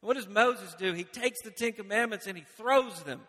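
Guy preaching a sermon, high bright voice, big echoey church hall. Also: moderate pace. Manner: preaching with swelling emphasis and quiet drops, repeating phrases. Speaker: pastor. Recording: long reverb of a large hall.

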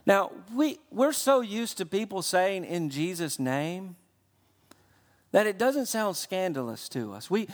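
High-voiced preacher in a reverberant hall. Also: male voice. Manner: emphatic, builds lists and repetitions. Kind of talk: sermon.

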